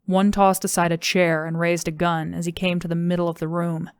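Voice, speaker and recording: A woman reading an audiobook in a steady, even narration. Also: on the low side, brisk, clear, resonant tone, no room sound, clean studio sound. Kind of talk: scripted narration.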